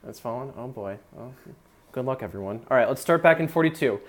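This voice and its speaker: A man's voice: medium pitch, expressive, brisk, a little hiss or hum. A young man coaching a small brass ensemble in rehearsal, talking casually with lots of fillers and singing out syllables to demonstrate articulation. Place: rehearsal room with brass players.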